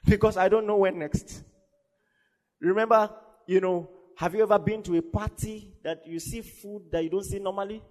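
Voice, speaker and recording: A man preaching a sermon with fervour, swinging from shouted declarations to soft, laughing asides. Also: sits high, steady tone, moderate pace. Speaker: pastor. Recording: long reverb of a large hall.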